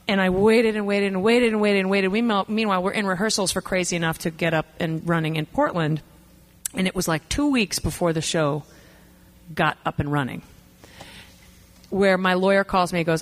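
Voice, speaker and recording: A woman's voice: medium pitch, normal speed, a bit bright. A woman singer and performer, telling a candid, profane, self-mocking story to an audience between songs.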